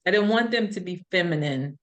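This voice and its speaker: A woman's voice: fairly low pitch, lively intonation, brisk. A middle-aged woman hosting a podcast, telling stories in an earnest, reflective way in casual conversation. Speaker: podcast host.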